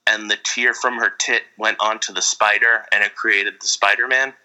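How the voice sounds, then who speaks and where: A man co-hosting a casual podcast, rambling through an animated story with frequent laughs. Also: fairly low pitch, normal speed, low-quality recording. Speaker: podcast co-host. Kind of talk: casual chat.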